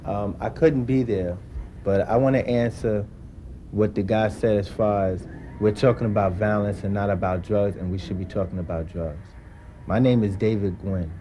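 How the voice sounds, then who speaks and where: A man's voice: on the low side, fairly even intonation, moderate pace, mellow, a little hiss or hum. A man in his twenties giving an emphatic personal testimony, repeating key words for stress. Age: 20s.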